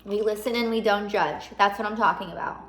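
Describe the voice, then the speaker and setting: A woman's voice: medium pitch, a little fast, a bit bright, echoey room, a little hiss or hum. A woman giving a casual, earnest motivational talk straight to her viewers, full of rhetorical questions and pep-talk encouragement. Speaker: self-help vlogger.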